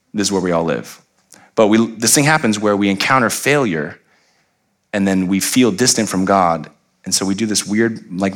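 A man's voice: lowish voice, fairly bright tone. A middle-aged man preaching a sermon as pastor, conversational and playful, acting out little quoted voices.

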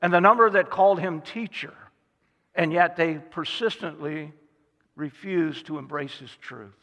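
Male pastor preaching, high voice, storytelling, acts out quotes, long echo of a church hall. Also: unhurried, bright, forceful tone. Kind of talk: sermon.

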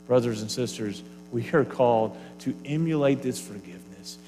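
A man's voice: medium pitch, normal speed, long reverb tail, slight background noise. A man preaching a sermon to his congregation, earnest and varied, sometimes falling to a near whisper. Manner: earnest, varies loudness, drops to a whisper at times. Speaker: pastor.

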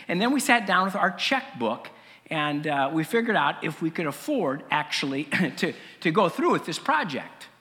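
A middle-aged man preaching a sermon as pastor, conversational, with fillers and frequent throat clearing. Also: on the high side, sharp tone, long reverb tail.

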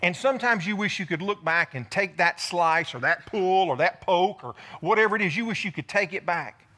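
A man preaching a sermon, telling stories in an animated way and acting out the dialogue in his stories. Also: sits high, normal speed. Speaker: pastor. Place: church sanctuary.

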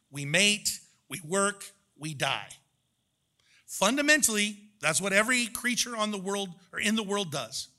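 A man preaching a sermon in a relaxed, conversational way, often turning to the listeners directly. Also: high voice. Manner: conversational, addresses listeners as guys.

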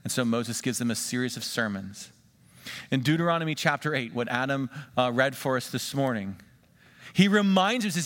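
A man preaching a sermon, swinging between emphatic rises and quiet drops, and drawing the congregation into questions and call-and-response. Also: medium pitch, animated, normal speed. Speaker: pastor. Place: church sanctuary. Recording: long church reverb.

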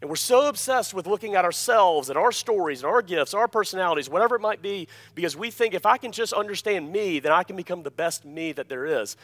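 A man with a high-pitched voice preaching a sermon to a congregation. He preaches emphatically, repeats his key phrases, and checks in with a questioning "Amen?". He swings between loud, forceful points and quiet, low-voiced asides. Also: expressive, fast talker, hardly any pauses. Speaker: pastor.

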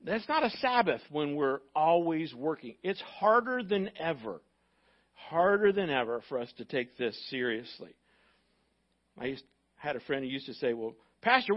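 A man preaching as a pastor, animated and joking, acting out the excuses people make. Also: fairly high pitch, normal speed, highs cut off. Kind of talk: sermon.

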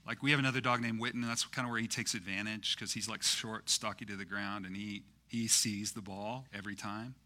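A male pastor preaching a sermon in a casual, conversational way, full of fillers, that swells into loud, impassioned peaks. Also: lowish voice, fairly even intonation, brisk, hardly any pauses.

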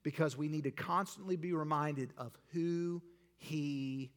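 A pastor with a somewhat high voice delivers a sermon with an altar call. He builds to emphatic peaks, then drops soft and intimate. His voice rings with the long reverb of a church sanctuary. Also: measured pace.

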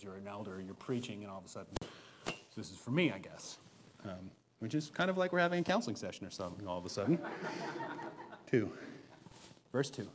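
A man in his thirties, a preaching pastor, giving a conversational sermon in church, moving from soft self-deprecating asides to loud, emphatic peaks. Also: lowish voice, background noise. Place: church sanctuary.

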